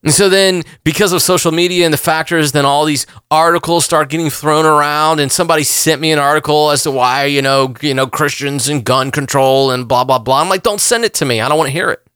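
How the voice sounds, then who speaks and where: A man in his forties preaches with earnest intensity, circling back on phrases and pressing his questions. His voice sits a little high and rings with a tense, forceful brightness. The sound is dry and close. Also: little pitch movement, brisk, few pauses, clean tone, no room sound. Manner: earnest, repeats himself, rising emphasis on questions. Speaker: pastor. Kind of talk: impassioned sermon.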